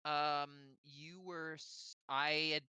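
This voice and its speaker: A player in a tabletop game on a voice call, talking in an animated, hesitant way that often breaks off and restarts. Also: medium pitch, slow, clean tone, dry recording. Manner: animated, hesitant, self-interrupting.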